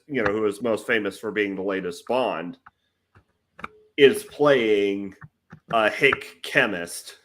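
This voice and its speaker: A man with a low voice co-hosting a relaxed film podcast. He talks slowly and hesitantly, often restarting his sentences. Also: slight background noise. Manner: slow, hesitant, many fillers and restarts. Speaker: podcast co-host. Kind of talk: casual film chat.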